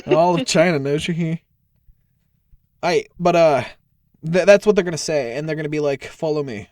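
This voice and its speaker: A man's voice: fairly high pitch, moderate pace, a little mellow, no echo, clean studio sound. A young man running a tabletop game as game master, narrating in a casual, filler-heavy way with cursing.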